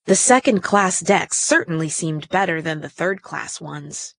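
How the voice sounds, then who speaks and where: A woman reading a children's story aloud in a steady, expressive way. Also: on the low side. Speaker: storybook reader.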